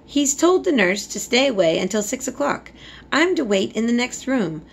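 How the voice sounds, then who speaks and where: A chatty young servant girl with a brisk country dialect, as a woman reading a storybook puts her on. The voice sits raised and higher than the reader's own, with a gravelly edge and a faint hiss behind it. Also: sing-song. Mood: excited.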